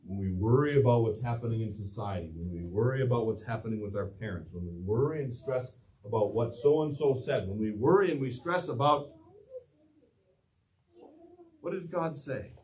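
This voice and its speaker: A man's voice: medium pitch, lively intonation, fairly quick, hardly any pauses, darkish tone, recorded from a distance. A male pastor preaching a sermon in a church. He asks the congregation questions and waits for their answers. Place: church sanctuary.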